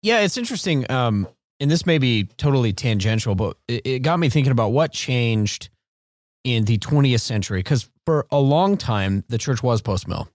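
A man's voice: mid-range voice, lively intonation, moderate pace, no echo, studio quality. A man in his late thirties co-hosting a podcast, speaking in a reflective, conversational way. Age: 30s. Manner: reflective, conversational, with some repeated words. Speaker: podcast co-host. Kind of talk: casual discussion.

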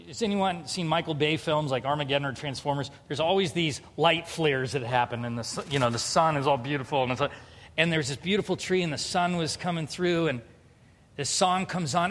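A man's voice: a little high, a bit bright. A pastor giving a humorous, confessional sermon, acting out bits of dialogue as he tells a personal story. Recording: long hall reverb.

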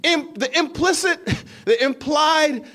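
A pastor in his thirties preaches a sermon at medium pitch and a normal pace. He tells a story with animated, building intensity that rises to emphatic outbursts, and he throws rhetorical questions at the congregation.

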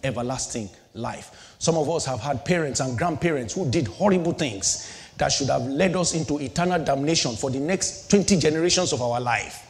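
A middle-aged male pastor preaching a sermon, asking rhetorical questions and building and dropping his intensity, in a church hall. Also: fairly high pitch. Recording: long hall reverb.

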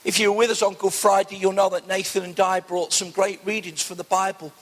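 A man's voice: high voice, little pitch movement, brisk. A man preaching an earnest sermon as pastor, often calling his listeners friends. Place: church hall. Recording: long church reverb.

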